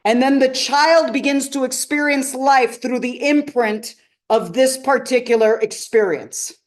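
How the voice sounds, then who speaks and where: Female seminar coach, higher voice, emphatic, engages the room with questions. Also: measured pace. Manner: emphatic, asks the audience questions. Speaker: transformational coach. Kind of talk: live seminar teaching.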